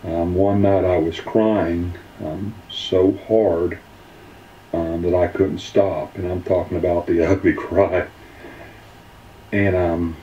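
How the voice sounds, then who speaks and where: A man giving an earnest personal testimonial, halting and full of filler ums. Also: low voice, warm tone, a little hiss or hum. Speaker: weight-loss testimonial speaker. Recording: roomy, distant, dull mic.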